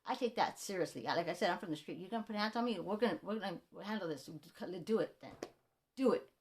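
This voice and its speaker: A woman's voice: medium pitch, racing. A woman in a heated, indignant personal rant about a music publishing dispute, retelling phone calls and her own replies. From Mexican-American.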